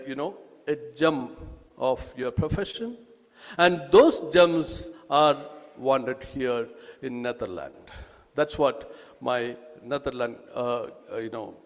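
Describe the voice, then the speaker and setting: A man with an Indian accent gives a public talk at an event, presenting a nursing course in a halting, emphatic way with frequent restarts. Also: fairly high pitch, in a large hall. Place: event hall.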